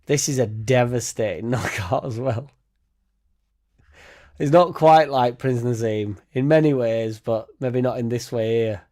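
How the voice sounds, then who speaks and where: A man's voice: mid-range voice, measured pace, warm tone. A young man hosting a casual fan livestream, laughing often, swearing freely and rambling as he reacts and thanks viewers. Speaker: fan channel host.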